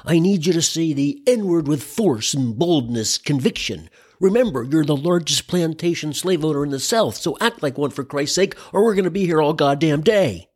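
A man voicing an impatient male film director who coaches an actor slowly and pointedly. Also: on the high side, animated, a little mellow, slightly rough. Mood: exasperated.

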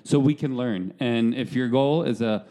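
A man's voice: mid-range voice, normal speed, warm tone. A man co-hosting a casual podcast, backing his partner up and answering with ready agreement. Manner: affirming, agreeable, says "absolutely" often. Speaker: podcast co-host.

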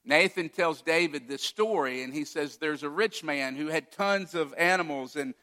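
A man's voice: fairly high pitch, moderate pace, sharp tone. A man preaching a sermon as a pastor, retelling a story and acting out its quoted lines with feeling. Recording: long hall reverb.

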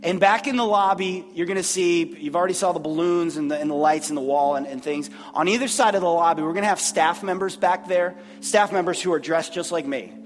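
A man preaching a sermon as pastor, earnest, often repeating words and pausing. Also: high-pitched, big-room sound. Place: church sanctuary.

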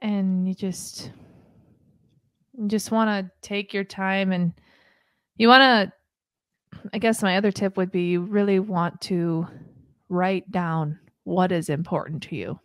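A woman's voice: medium pitch, steady tone, slow pace, dry recording. Earnest rambling woman co-host, dry sound. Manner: rambling, earnest, laughs often. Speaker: podcast co-host. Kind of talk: casual chat.

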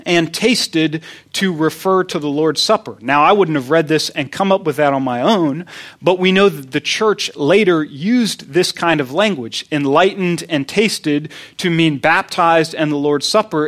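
Man, pastor, sermon, emphatic, repeats key lines, slightly high voice. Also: a bit bright.

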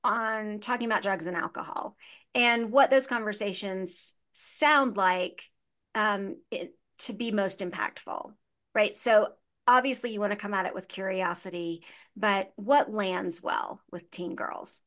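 A woman hosting a podcast asks open questions at a middle pitch. She keeps her delivery even and measured as she steers the talk. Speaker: podcast host. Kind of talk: interview questions.

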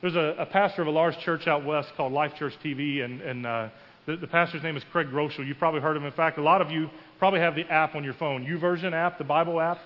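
A man delivering a sermon, his voice sitting a little high as he tells a story and acts out the quoted voices with rising emphasis. The recording is muffled and washed in the long reverb of a large church hall. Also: fairly even intonation, fast talker. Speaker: pastor. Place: church sanctuary.

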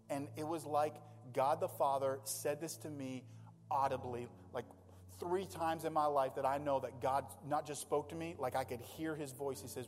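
A man's voice: a little high, steady tone, moderate pace, long reverb tail, faint music behind. A man preaching a sermon as a pastor, in a conversational and impassioned way. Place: church sanctuary.

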